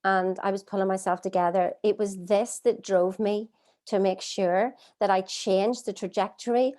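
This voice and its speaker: Middle-aged woman, life coach, streaming from home, expressive, rhetorical questions. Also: mid-range voice, normal speed. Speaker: life coach hosting an online masterclass. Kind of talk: live-streamed coaching talk. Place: at home, streaming by video call.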